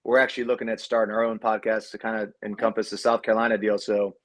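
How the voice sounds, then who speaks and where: With little pitch movement, a quick pace, and a somewhat bright voice, the ex-quarterback guest spins loose stories in a casual interview. He's in his thirties, of Cuban heritage, laid-back, swears freely, and acts out quotes in a higher voice.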